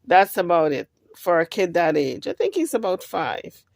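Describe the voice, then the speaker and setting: A woman host comments on a video clip in a relaxed, conversational way, thinking out loud as she goes. Her voice sits on the low side and sounds dry and close. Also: normal speed, creaky, no room sound. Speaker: channel host.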